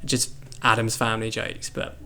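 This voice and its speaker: A young man co-hosting a casual podcast, an animated storyteller who laughs mid-story. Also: lowish voice, moderate pace, gravelly. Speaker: podcast co-host, band member. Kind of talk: casual chat.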